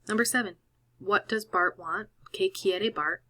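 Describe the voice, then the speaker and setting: A woman's voice: mid-range voice, moderate pace, sharp tone. A woman teacher patiently walking students through each step of a recorded screen-share lesson.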